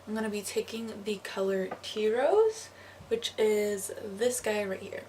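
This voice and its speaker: A woman's voice: medium pitch, a little slow, darkish tone. A young woman talking through a makeup tutorial in a casual, chatty way, full of "um" and "like". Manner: chatty, casual, filler-heavy with "um" and "like". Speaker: makeup artist. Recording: slightly distant mic with faint noise.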